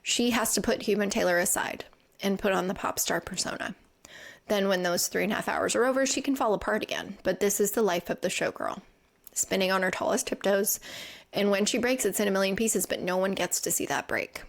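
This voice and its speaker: Female podcast host, mid-pitched with vocal fry, earnest and reflective storyteller. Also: brisk. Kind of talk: scripted recap narration. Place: lives in England.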